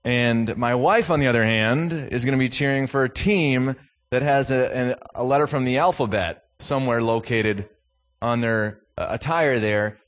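A man's voice: mid-range voice, moderate pace. A man from Minnesota in his thirties or forties giving a guest sermon in a church, mixing joking, self-deprecating family stories with fervent preaching. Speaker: guest speaker from a youth ministry.

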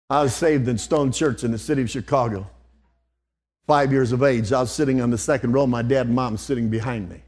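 A man's voice: mid-range voice, vocal fry, a little mellow. An older man preaching an old-fashioned sermon, dropping to near whispers and then rising to fervent outbursts.

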